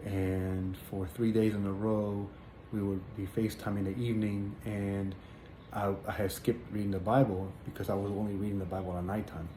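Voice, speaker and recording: A man sharing a personal religious testimony in casual spoken storytelling, earnest and halting, with many fillers and repeated words. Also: fairly low pitch, level tone, dark tone. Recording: echoey room with faint background noise.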